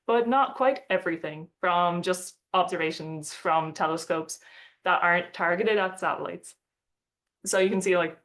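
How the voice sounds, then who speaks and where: A young woman giving a casual talk about her work, telling a story in a chatty way with lots of "like" and short laughs, switching into playful voices to quote others. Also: mid-range voice.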